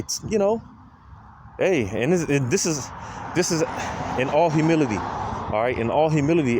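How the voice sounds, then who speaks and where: A man's voice: fairly high pitch, animated. Rambling man, street noise behind. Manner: repetitive, halting, lots of restarts and "you know". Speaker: speaker addressing fellow men. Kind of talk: casual rambling monologue.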